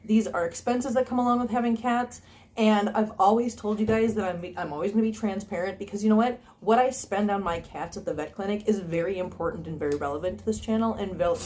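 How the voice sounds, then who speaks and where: With slight background noise, a woman's mid-range, slightly mellow voice carries her casual vlog to viewers, shot on a phone camera. The cat channel vlogger is earnest and chatty, frequently umming and starting over.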